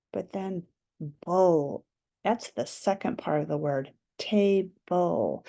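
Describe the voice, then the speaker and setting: A woman's voice: fairly low pitch, vocal fry, dark tone. A woman teaching a phonics lesson to young children, patiently stretching out letter sounds and syllables.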